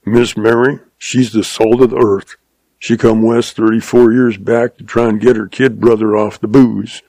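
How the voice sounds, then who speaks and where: A man's voice: fairly low pitch, little pitch movement, moderate pace, mellow, no echo, low-quality recording. Guy doing a grouchy old ranch boss, growly drawl, dry close sound. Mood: gruff. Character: grumbling old male rancher, irritable.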